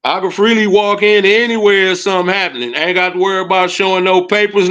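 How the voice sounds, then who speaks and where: A man's voice: high voice, quick pace, a bit bright, lo-fi sound. Heated man ranting on a livestream. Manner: heated, taunting, repeats "you know what I'm saying" and "huh". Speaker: livestream commentator. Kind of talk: casual livestream rant.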